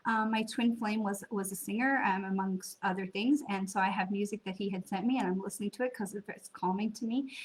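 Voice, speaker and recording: Chatty middle-aged woman psychic. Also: medium pitch. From United States. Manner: chatty, with many fillers and quoted asides. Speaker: psychic medium. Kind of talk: casual spiritual talk to viewers.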